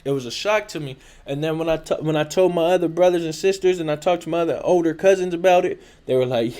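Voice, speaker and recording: A man's voice: a little high, fast, hardly any pauses, a little mellow. A man with a Californian accent telling a casual personal story in slangy, profane speech full of filler tags. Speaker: show host telling a story.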